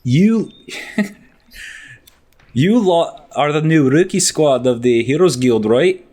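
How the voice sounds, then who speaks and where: A man's voice: fairly high pitch, lively intonation, slow pace, darkish tone, pitched above the performer's own voice. A man voicing a lean, wiry elven male guild hero in a put-on bad Scottish accent, brash and chummy.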